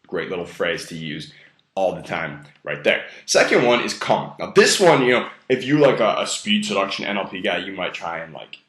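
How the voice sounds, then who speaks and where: A man's voice: deep voice, big pitch swings, moderate pace, a bit bright, echoey room. A young man giving blunt, profane dating advice in a casual monologue, heavily stressing key words and amusing himself. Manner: blunt, profane and self-amused.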